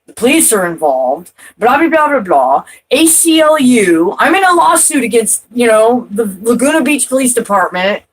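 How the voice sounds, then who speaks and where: Husky-voiced woman ranting profanely. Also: a little high, big pitch swings, normal speed, hardly any pauses, low-quality recording. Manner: profane, rambling, restarts, loud outbursts and trailing off. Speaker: vlogger. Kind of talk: rambling personal talk to camera.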